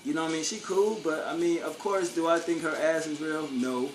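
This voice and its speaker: A man's voice: a little high, fairly even intonation, brisk, slight background noise. A man vlogging a casual opinion rant, blunt and profane, full of street slang and rhetorical questions. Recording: echoey room with faint ambience.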